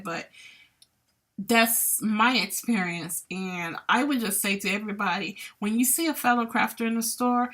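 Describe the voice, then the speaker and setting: A woman's voice: mid-range voice, unhurried, fairly bright tone. A woman hosting a podcast, telling a personal story in a candid, chatty way that turns emotional at times. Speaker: podcast host. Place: lives in Columbia.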